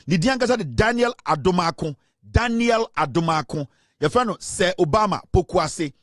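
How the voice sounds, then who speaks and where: A Ghanaian man hosting a political commentary show, talking in an animated, mocking way and mixing in Twi. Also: high voice, moderate pace, no room sound, studio quality. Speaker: host.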